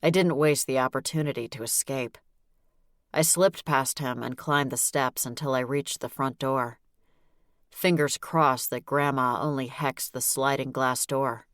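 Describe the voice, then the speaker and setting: A woman narrating a novel in the first person, with a wry, brisk delivery. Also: a bass voice, fairly even intonation, no room sound, clean studio sound. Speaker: audiobook narrator.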